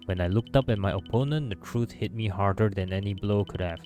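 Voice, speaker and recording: A broken young fighter, voiced by a man reading a story game aloud, full of remorse and despair. The voice sits on the low side. Quiet game music plays underneath. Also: a little fast, natural voice.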